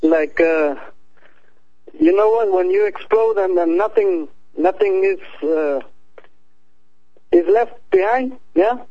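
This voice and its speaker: High-voiced man, hesitant. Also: slow, long pauses, no echo, highs cut off. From El Salvador. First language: Spanish. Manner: hesitant, searching for words. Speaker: guest. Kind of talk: casual remote chat.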